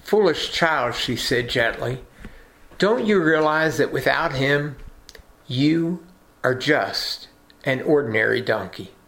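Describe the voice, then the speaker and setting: A man doing a gentle mother donkey. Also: mid-range voice, expressive, slow pace. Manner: gentle, softly scolding.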